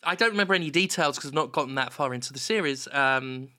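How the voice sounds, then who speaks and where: Bright-voiced man riffing deadpan. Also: medium pitch, fast. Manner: rambling, deadpan storytelling. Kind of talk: casual comedic chat.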